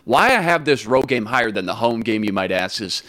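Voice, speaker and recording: A man co-hosting a sports talk show, energetic and hyped as he ranks games. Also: medium pitch, a little fast, dry recording. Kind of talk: casual sports chat.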